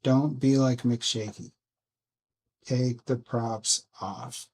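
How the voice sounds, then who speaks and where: A man hosting a casual build vlog, rambling softly to his viewers and himself while he works at a bench indoors. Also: medium pitch, steady tone, drawn-out words. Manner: soft, rambling self-talk with musing asides. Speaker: drone hobby channel host.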